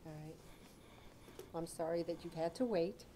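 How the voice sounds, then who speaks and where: A woman's voice: fairly low pitch, moderate pace, mellow, slight background noise, poor audio. A woman taking part in a seminar role-play, speaking politely and a little hesitantly. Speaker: seminar participant. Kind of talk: role-play exercise in class.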